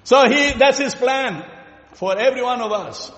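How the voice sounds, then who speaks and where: Romanian-accented guy preaching, kinda high voice, lots of ums and questions to the crowd, big echoey church. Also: a bit bright, lo-fi sound, a little hiss or hum. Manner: earnest, asks the listeners questions, pauses with fillers. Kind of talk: sermon. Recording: echoey hall with long reverb.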